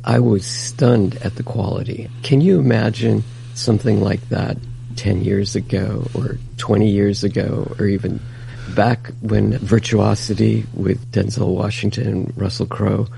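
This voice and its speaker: Gravelly dark-voiced male co-host. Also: lowish voice, steady tone, a little hiss or hum, poor audio. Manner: agreeable, quick to affirm. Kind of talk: casual co-hosted show talk.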